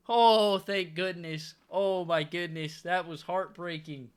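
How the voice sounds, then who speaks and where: A man's voice: sits high, fairly even intonation, takes it slowly, few pauses, clean tone. A young man commenting on his own football video game, complaining and begging in a comically exasperated way. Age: young adult. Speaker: gaming YouTuber.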